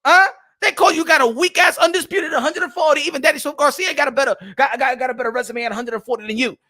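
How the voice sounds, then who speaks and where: A high-pitched man with a bright, sharp voice rants loudly about boxing as a channel host. He repeats himself often and tosses in "huh?" between lines. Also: fast. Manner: loud, repetitive, trash-talking, keeps asking "huh?". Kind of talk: casual rant to camera.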